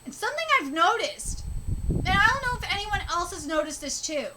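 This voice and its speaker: A woman in her thirties reads a manga live and reacts to it. Her voice is high and lively, and she gushes and swears freely as she talks. There is clear noise on her home recording. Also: brisk. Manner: excitable and gushing, swears freely. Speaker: streamer.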